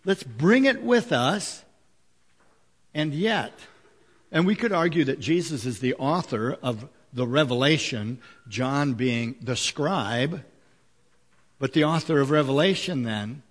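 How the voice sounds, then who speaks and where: A man's voice: mid-range voice, expressive, slow pace, in a large hall. A man preaching a sermon as a pastor, talking conversationally with fillers and rhetorical questions.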